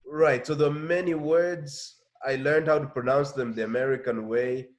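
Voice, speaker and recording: A man's voice: mid-range voice, fairly even intonation, moderate pace. A man from Africa hosting a casual interview, thoughtful and restarting his phrases as he works through ideas.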